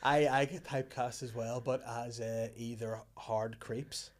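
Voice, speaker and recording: A man's voice: medium pitch, fairly even intonation, measured pace. A man in his thirties with a Northern Irish accent, hosting a podcast and teasing his guest with playful jokes. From Northern Ireland. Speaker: podcast host. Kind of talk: casual chat.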